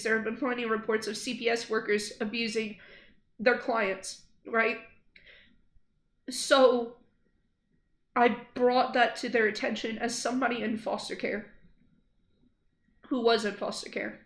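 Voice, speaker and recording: High-voiced young woman streamer, shaken. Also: fairly bright tone. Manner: earnest, upset and angry, halting with repeats. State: shaken after crying. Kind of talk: emotional livestream address. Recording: roomy echo.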